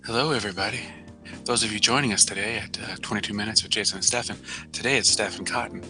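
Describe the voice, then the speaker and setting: A man hosting a live-streamed show in casual chat, joking and laughing often, with soft music behind. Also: fairly low pitch, quick pace. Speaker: show host. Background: soft background music.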